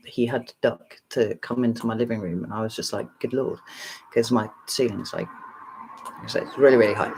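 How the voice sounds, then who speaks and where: A tarot reader in her forties livestreams to her chat, spinning a long, frank, sweary story packed with fillers. Her bass voice is darkish and slightly rough, and the recording quality is low.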